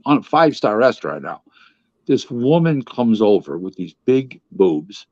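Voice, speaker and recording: A man who works as a boxing advisor, telling a casual anecdote in an animated way and stumbling through restarts. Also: medium pitch, normal speed, no echo. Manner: animated storyteller, restarts and acts out other people's voices. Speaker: boxing advisor and interview guest. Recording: dull lo-fi, dry audio.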